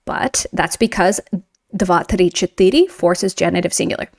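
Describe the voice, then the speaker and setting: A woman teaching a Russian grammar lesson in a chatty, emphatic way, slowing down to read example sentences. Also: fairly low pitch. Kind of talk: online language lesson.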